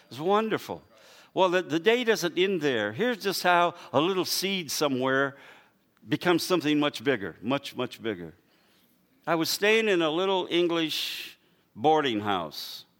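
A man preaching as an evangelist, telling a story with lively emphasis and acting out the people he quotes. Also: fairly high pitch. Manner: animated storyteller, acts out quoted people, rising emphatic lines. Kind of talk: sermon storytelling.

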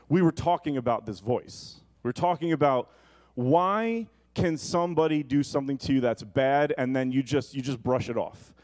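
A male pastor preaching an earnest, personal sermon in a church, slowing down for emphasis and rushing through asides. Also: medium pitch, a little mellow. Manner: earnest and personal, shifting between slow emphasis and quick asides. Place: church sanctuary.

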